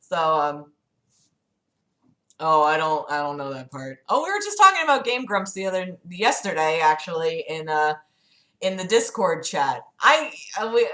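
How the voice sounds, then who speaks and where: A woman's voice: fairly low pitch, pushed and bright, reverberant. A woman hosting a casual livestream chat, rambling and profane with lots of fillers. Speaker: livestream host.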